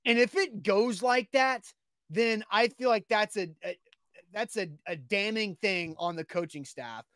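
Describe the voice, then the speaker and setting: A man co-hosting a sports talk show, arguing his points emphatically and getting animated as he makes his case. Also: sits high, measured pace, no room sound, studio quality.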